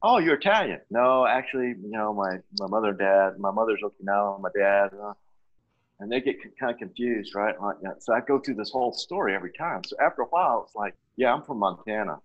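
A man's voice: on the low side, lively intonation, fast talker. A man chatting as a podcast guest, telling easygoing anecdotes. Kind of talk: casual chat. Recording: dull lo-fi recording.

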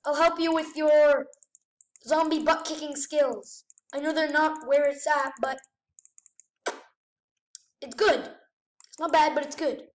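Excitable woman doing game commentary, high voice, echoey room, mic set back. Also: takes it slowly, pauses often, distant mic, slight background noise. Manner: excitable, gasping, exclaiming. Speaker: gamer. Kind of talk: gameplay commentary.

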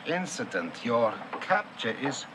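An actor with a Russian accent playing a cold, calculating Soviet colonel who questions a prisoner in measured, clipped, politely menacing speech, heard through a noisy film soundtrack. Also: male voice, medium pitch, sing-song. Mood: cold menace.

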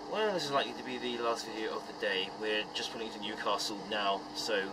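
A man hosting a casual travel vlog while riding a train, relaxed and chatty, often chuckling as he talks. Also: fairly quick. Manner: chuckly, relaxed and chatty, reading lists with playful relish. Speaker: vlog host. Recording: loud wind and rumbling train noise.

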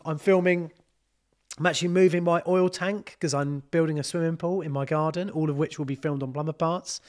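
A man, a plumber chatting casually on a live stream, rambling and swearing freely. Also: fairly high pitch. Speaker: plumber and channel host.

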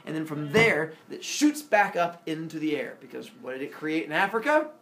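Male teacher, playful myth retelling, lively pitch, classroom echo, distant camera mic. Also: normal speed. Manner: animated, playful storytelling, asides to students. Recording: echoey room, far from the mic.

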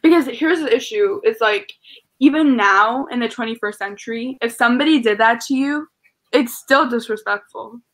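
A woman's voice: fairly high pitch, normal speed, fairly bright tone. A young woman in casual chat with friends, ranting with exasperation about characters she finds foolish. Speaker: book discussion participant.

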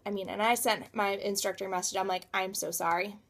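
A woman's voice: medium pitch, steady tone, a little fast. A woman in her thirties talking through a personal motivational vlog, emphatic and repeating words for stress. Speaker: coach and realtor.

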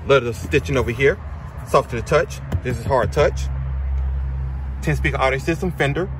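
A man's voice: medium pitch, moderate pace, noisy background. Man listing truck features in short phrases. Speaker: car reviewer. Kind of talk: casual car walkaround commentary. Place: car dealership lot and inside a truck.

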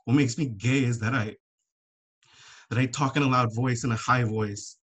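A man's voice: medium pitch, fairly even intonation, moderate pace, a bit bright. A young man speaking heartfelt and emotional about his own life, swearing now and then as he gets upset. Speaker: panelist. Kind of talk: emotional personal sharing.

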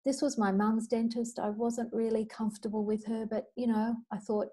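This is a middle-aged woman leading a healing class, with a mellow, warm tone. She talks in an earnest, chatty way and shares personal stories. Every so often she rattles off a long recited clearing formula at speed. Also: on the high side, flat delivery, moderate pace, hardly any pauses. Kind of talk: spoken teaching talk with clearing statements.

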